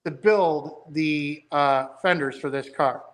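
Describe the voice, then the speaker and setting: A man's voice: on the high side, slow pace, a bit bright. A man talking as a guest about building a car, telling rambling, enthusiastic stories. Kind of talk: casual chat.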